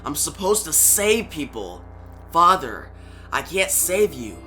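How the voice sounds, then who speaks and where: A man reading out the lines of a grieving masked hero in a low, hushed voice. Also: big pitch swings, slow pace, soft background music, exaggerated voice. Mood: sorrowful, hushed. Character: grim male caped hero, grieving and quiet.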